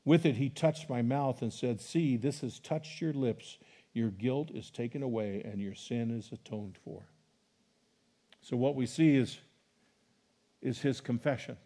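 Pastor guy giving a sermon, warm mellow voice, gets loud on the big lines. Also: medium pitch, unhurried. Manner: animated preaching, rising loud on scripture quotes.

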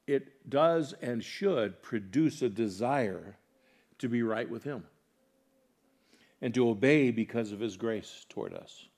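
A man preaching a sermon, earnestly putting questions to his congregation and moving between loud, emphatic lines and soft, quiet ones. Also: mid-range voice, expressive, takes it slowly. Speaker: pastor.

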